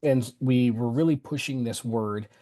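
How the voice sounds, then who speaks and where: A man's voice: medium pitch, measured pace. A man in his thirties, a middle school reading teacher, talking a podcast host through his classroom methods step by step. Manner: animated, explanatory, walks the listener through steps. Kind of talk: conversational explanation on an education podcast.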